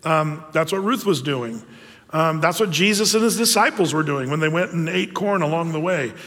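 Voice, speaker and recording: A man preaching a sermon in a chatty, animated way, full of fillers and asides. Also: fairly high pitch, moderate pace, in a large hall. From United States. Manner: conversational, animated with frequent fillers. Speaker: pastor.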